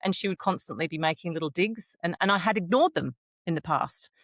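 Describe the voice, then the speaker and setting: Middle-aged woman, podcast co-host, frank and animated, lowish voice, dry close sound. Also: brisk, dry recording. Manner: frank and animated, acts out her own inner dialogue. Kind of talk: casual chat.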